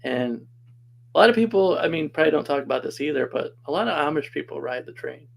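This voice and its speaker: A man's voice: on the high side, lively intonation, fast, creaky, rough recording. A man casually telling a personal story as a podcast guest, chatty and laughing often.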